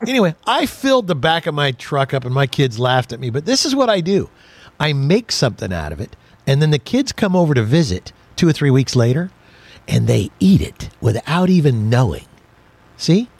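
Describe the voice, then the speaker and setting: A man's voice: on the high side, very animated, normal speed, no room sound. An older man hosting a radio car show, chatting casually and telling jokey stories with frequent laughs. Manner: jokey, storytelling, laughs often. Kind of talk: casual chat.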